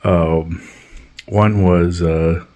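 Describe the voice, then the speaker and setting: A man's voice: sits low, fairly even intonation, extremely slow, darkish tone. A man hosting a podcast, telling long, rambling stories in a blunt, profane way, full of fillers. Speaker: podcast host. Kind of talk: casual storytelling on a podcast.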